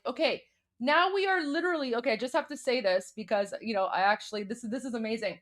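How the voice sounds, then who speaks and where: A woman's voice: medium pitch, sing-song, fast talker. A young adult woman hosting a live stream, chatting casually with viewers and commenting on news, with many fillers and restarts. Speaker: livestream host.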